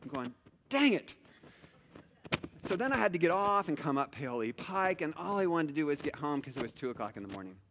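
A man's voice: a little high, lively intonation, fast, few pauses, fairly bright tone, long reverb tail, slight background noise. A middle-aged man preaching a conversational sermon, telling stories with lots of asides and restarts. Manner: chatty storytelling, many asides and restarts. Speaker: pastor.

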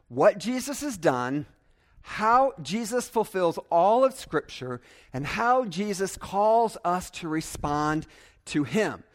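A young adult male pastor preaching a sermon earnestly and emphatically, repeating phrases for stress. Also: high voice.

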